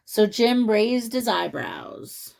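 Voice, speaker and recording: A woman's voice: a little high, big pitch swings, slow, gravelly, darkish tone. A woman reading a picture book aloud to children, chatting and asking them questions along the way. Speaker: children's story reader.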